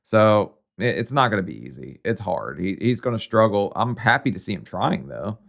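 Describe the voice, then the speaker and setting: A man's voice: fairly low pitch, big pitch swings, normal speed, gravelly, fairly bright tone. A man hosting a reaction video, giving blunt, mocking casual commentary.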